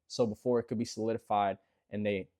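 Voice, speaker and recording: A man's voice: lowish voice, steady tone, brisk, a little mellow. A man retelling a scripture story in an earnest, conversational way, often speaking straight to the listener and repeating himself for emphasis. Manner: conversational, repetitive, earnest, addresses listener directly. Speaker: bible storyteller.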